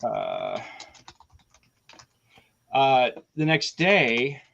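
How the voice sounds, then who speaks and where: A man tells a story in a loose, casual chat, stumbling through fillers and restarts as he goes. He is blunt and swears freely. His voice sits at a middling pitch, and the recording sounds dull and lo-fi. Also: huge pitch swings, very slow, creaky, fairly bright tone. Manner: rambling, many fillers and restarts. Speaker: host of a tabletop game show; small business owner in theater.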